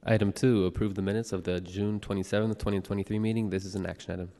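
A man with a very low, mellow voice reads roll calls and public-comment instructions as a board clerk. His delivery is steady and formal, and the long reverb of a large chamber hangs behind each phrase. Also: fast. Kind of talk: reading roll calls and procedural announcements. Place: legislative chamber in a city hall.

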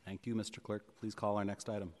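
A man chairing a public board meeting, speaking in a measured way with frequent fillers. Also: lowish voice, level tone, a little mellow, slight background noise. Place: large legislative chamber. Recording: reverberant council chamber.

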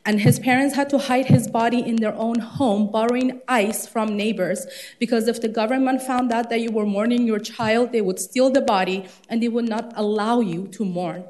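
A woman's voice: on the high side, fairly even intonation, moderate pace, a little mellow. A woman in her thirties from Iran, earnest and slightly out of breath, giving a public comment at a city council meeting. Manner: earnest, impassioned.

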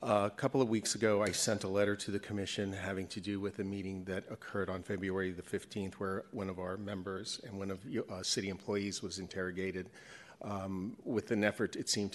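Guy with a really low voice at a podium in a city meeting, earnest and measured, making a formal complaint. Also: flat delivery. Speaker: executive director of an employee association, public commenter.

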